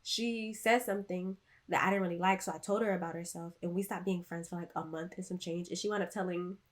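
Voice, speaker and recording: A woman's voice: lowish voice, quick pace. A young woman co-hosting a podcast, telling childhood stories in casual chat and acting out the quoted dialogue. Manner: animated storyteller, acts out quoted dialogue. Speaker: podcast co-host.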